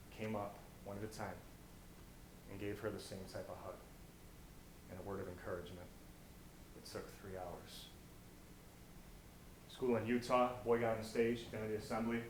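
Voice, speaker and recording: Man telling stories in an echoey hall. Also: fairly low pitch. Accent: American. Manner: storytelling, swings from hushed to loud. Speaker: motivational speaker. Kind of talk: inspirational stage talk. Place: college auditorium. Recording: echoey auditorium, faint noise.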